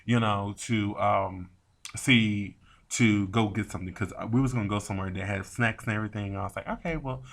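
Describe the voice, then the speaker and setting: A man telling a rambling story to camera, animated and often swearing, acting out both sides of the talk. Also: lowish voice, fairly quick, creaky. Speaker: vlogger. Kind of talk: casual storytime rant.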